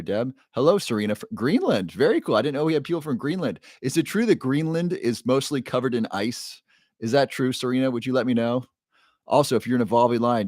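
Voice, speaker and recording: This livestream host, a neuroscientist, speaks at a medium pitch with a slightly mellow tone. The recording is dry and studio quality. Upbeat and casual, he welcomes viewers by name, reads chat names aloud, and throws in playful roars.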